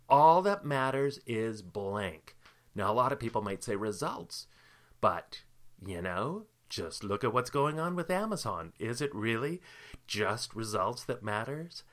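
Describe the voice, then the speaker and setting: A male podcast host with a bright, forward tone and a pitch that moves a lot. He talks through his show on his own in an upbeat way and slips in small jokes. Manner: upbeat, lightly joking delivery. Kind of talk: solo podcast monologue.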